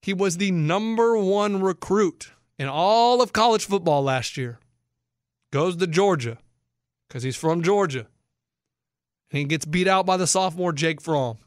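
A man hosting sports talk, animated and incredulous as he explains bets to listeners. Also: high-pitched, a little slow, no echo, clean studio sound. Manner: excitable, incredulous, explains for non-bettors. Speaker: sports radio host.

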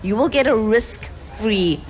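A woman's voice: on the high side, animated, slow, faint music behind. A woman co-hosting live radio, bubbly and laughing. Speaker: radio co-host. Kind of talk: live radio outside broadcast.

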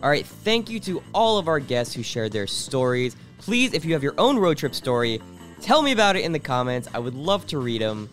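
A man's voice: fairly high pitch, big pitch swings, a little fast, fairly bright tone, soft background music. A man hosting a podcast, giving an upbeat, friendly sign-off and thanks to the team. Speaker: podcast host. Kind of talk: show sign-off.

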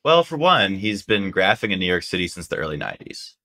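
A man's voice: low-pitched, a little fast. A man, a journalist guest, telling a story casually and animatedly, with lots of "like". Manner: animated, acts out quotes, lots of "like".

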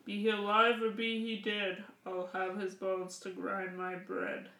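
A woman voicing a roaring, angry male giant from a fairy tale, chanting his threat slowly in a lightly disguised voice. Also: mid-range voice, little pitch movement, fairly bright tone, roomy sound, low-quality recording.

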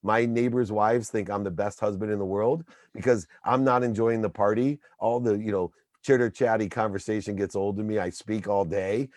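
A man's voice: fairly low pitch, fairly even intonation, normal speed, hardly any pauses, a little mellow, no room sound, clean studio sound. A man in his forties, a guest, giving emphatic motivational talk in punchy lists.

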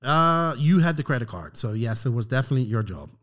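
A middle-aged man telling a story on a podcast, animated and profane, acting out the lines of the people in it. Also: mid-range voice, fast. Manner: animated, profane, acts out quotes. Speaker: podcast co-host. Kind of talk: casual storytelling chat.

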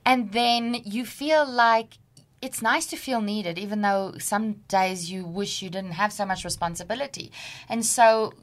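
A woman's voice: mid-range voice, unhurried. A woman co-hosting a podcast, a mother speaking in a reflective way and searching for her words. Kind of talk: casual podcast conversation.

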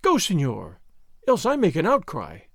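A man's voice: on the high side, huge pitch swings, normal speed, a bit bright, breathy edge, no room sound, clean studio sound, exaggerated voice. A man voicing a proud, flustered young noblewoman in a formal, agitated manner. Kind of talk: audiobook character voice.

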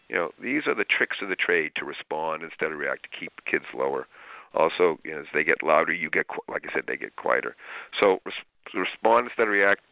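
Animated man on a tinny phone line. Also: deep voice, gravelly, no echo. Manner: animated storyteller, acts out quotes. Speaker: parenting trainer and guest. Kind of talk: radio interview talk.

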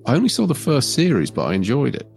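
A man's voice: mid-range voice, wildly swooping pitch, fast, creaky, a little mellow, soft background music. A man hosting a casual watchalong, chatting animatedly about a film with frequent restarts. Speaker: host.

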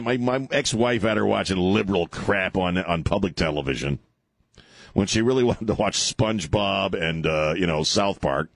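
Middle-aged man, radio talk host, low voice, sarcastic rant, dry studio sound. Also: gravelly, no room sound. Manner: sarcastic, exasperated, swings into mocking high voices. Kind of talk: ranting talk radio monologue.

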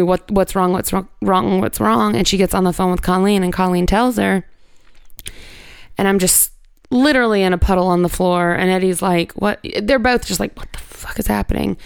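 A woman's voice: on the low side, clean tone, no room sound. A woman, an interview guest, telling a personal story in a casual, candid way, peppering her speech with "like" and the odd swear word. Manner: conversational, heavy use of "like", candid with swearing.

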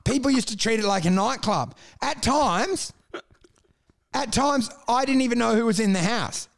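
High-voiced crude storytelling man. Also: moderate pace. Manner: crude, animated, laughs through stories. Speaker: guest telling stories. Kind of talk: casual storytelling chat.

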